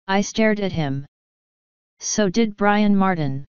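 A woman narrating an audiobook, reading in a steady, even way. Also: medium pitch, slow pace, long pauses, smooth, dry recording. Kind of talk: scripted narration. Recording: dull, dry lo-fi audio.

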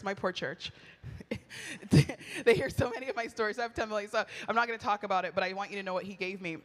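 Recorded with a long, echoing hall reverb, a middle-aged woman gives a sermon at a retreat. She speaks at medium pitch with a fairly bright tone, sounding open and chatty as she tells her own stories with energy.

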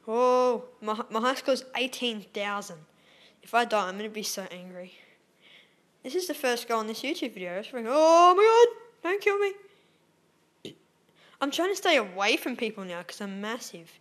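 A woman giving excitable live gameplay commentary as a YouTuber, squealing at wins and dropping to whispers when tense. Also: a little high, normal speed. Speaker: gaming YouTuber.

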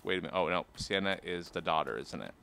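A man's voice: low-pitched, animated, fast talker, gravelly, crowd noise. A man giving playful, jokey commentary while he plays a video game and talks to his viewers. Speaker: let's play gamer. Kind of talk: casual gameplay commentary.

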